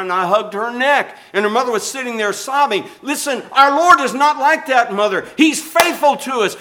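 A man's voice: high voice, sharp tone. An older man preaching a sermon, rising and falling in intensity and calling for amens. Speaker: pastor.

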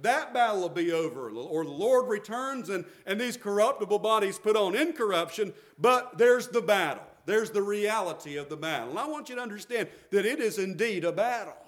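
A man's voice: high voice, lively intonation, brisk, few pauses. A middle-aged man, preaching a sermon as pastor, emphatic and repetitive.

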